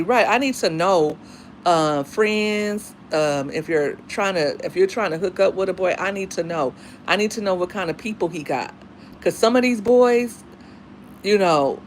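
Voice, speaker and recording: Emphatic, candid middle-aged single mom. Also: female voice, lowish voice, a little hiss or hum. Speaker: single mother giving dating advice. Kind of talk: casual monologue.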